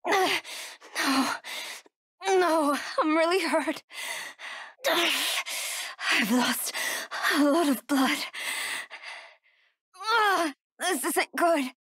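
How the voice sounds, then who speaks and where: Terrified wounded young woman, hushed self-talk, high voice, very slow, dry studio sound. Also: dry recording, heavily acted. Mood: pained. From Texas. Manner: whispers and talks herself through danger. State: wounded and in pain. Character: frightened young woman hiding from killers. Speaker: game character. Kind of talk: video game voice acting.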